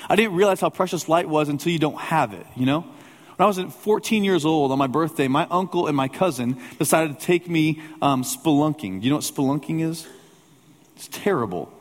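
A male pastor preaching a sermon in a church, telling a personal story in a conversational way with humorous asides. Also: on the high side. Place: church sanctuary with a congregation. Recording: long hall reverb.

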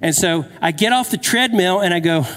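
A man's voice: sits high, expressive, normal speed, fairly bright tone. A man in his fifties preaching a sermon, telling a personal story and asking the crowd questions, with jokes along the way. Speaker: pastor. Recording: long hall reverb.

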